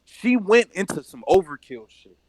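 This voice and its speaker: A man with a high-pitched voice jokes and teases in profane, loose chat. The sound is dry and close, with no room around it, and he tells his stories with playful exaggeration. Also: sing-song, normal speed, no room sound. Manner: joking, profane storyteller. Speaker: podcast co-host. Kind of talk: casual recap chat.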